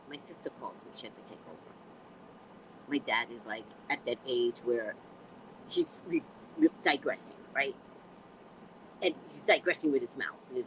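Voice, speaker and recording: A middle-aged woman with a New York accent, hosting a casual talk show with animated, comic storytelling. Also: extremely low pitch, a little hiss or hum, poor audio. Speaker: show host.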